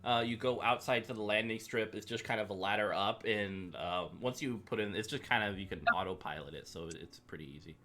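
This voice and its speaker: A man running a tabletop game in a lowish yet bright voice. He narrates in a loose, relaxed way, stopping often on fillers. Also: brisk, hardly any pauses. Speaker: game master.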